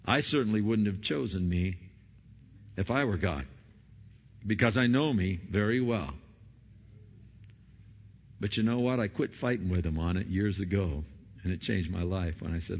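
A man preaching a sermon as pastor, swinging between loud emphatic peaks and quiet low asides. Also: normal speed, breathy edge. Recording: dull, long-reverb hall sound.

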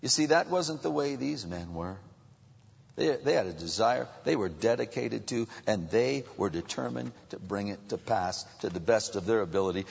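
A man preaching a sermon, dropping to a hush and then rising again. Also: on the low side, expressive, moderate pace, vocal fry, husky. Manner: dynamic, swings between hushed and raised. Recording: muffled reverberant hall.

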